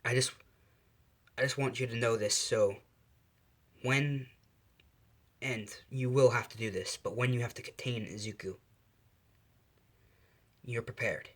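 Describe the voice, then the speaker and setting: A man voicing a male angel father who gives long, grave warnings in a low, quiet voice, in a fan storytelling video. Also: steady tone, a little slow, long pauses.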